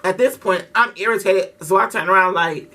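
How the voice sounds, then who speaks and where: A man's voice: high-pitched, fairly quick, bright, forceful tone, far from the mic. A man telling a story casually to his vlog audience, slangy and profane, with lots of restarts. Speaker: vlogger.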